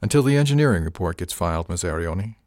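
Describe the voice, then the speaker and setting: A man's voice: low voice, expressive, quick pace, darkish tone, no room sound. A man voicing a dry, wry older ship captain.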